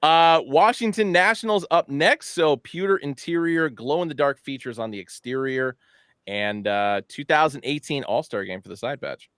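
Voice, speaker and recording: A man's voice: fairly high pitch, moderate pace, fairly bright tone, clean tone, no room sound, studio quality. A man hosting a casual product recap, upbeat and joking with his co-hosts. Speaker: show host presenting new hats.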